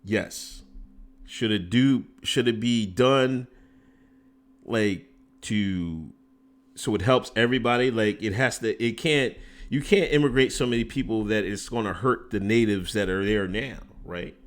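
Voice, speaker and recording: On the low side and measured in pace, this man's voice carries a casual political commentary stream he hosts. Exasperated and emphatic, he drifts into tangents and starts his sentences over.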